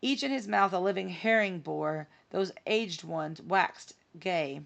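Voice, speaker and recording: A woman reading rhymed poems aloud in a steady, rhythmic recital. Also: lowish voice, slow pace, vocal fry. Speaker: reader.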